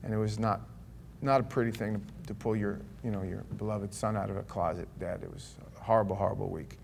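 A man's voice: on the low side, fairly even intonation, a little fast, creaky, a little mellow, slight background noise. A man preaching in a church, telling a personal testimony in a conversational, emotional way with frequent restarts. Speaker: pastor. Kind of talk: sermon testimony.

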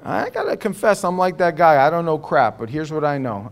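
A pastor preaching a sermon in an animated, conversational storytelling way. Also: male voice, fairly high pitch, a little fast.

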